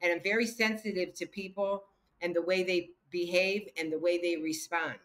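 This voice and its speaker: A woman's voice: fairly low pitch, normal speed. A woman, a health coach and entrepreneur, telling stories in a casual interview and acting out the people in them. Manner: lively storyteller who acts out the voices of people in her stories. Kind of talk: casual storytelling in a podcast interview.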